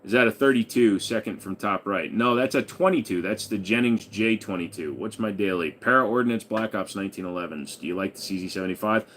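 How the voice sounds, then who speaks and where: Low-voiced man answering live chat. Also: brisk, hardly any pauses, fairly bright tone, slight background noise. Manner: reads viewer questions aloud and answers offhand. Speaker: live stream host. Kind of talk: casual live stream chat. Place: home room with a gun wall.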